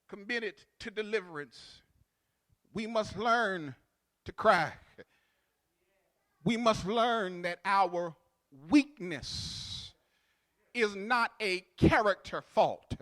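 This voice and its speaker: High-voiced man. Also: slow pace, pauses often. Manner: builds to loud, sung preaching cadence, then drops to quiet storytelling. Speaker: pastor. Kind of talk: sermon.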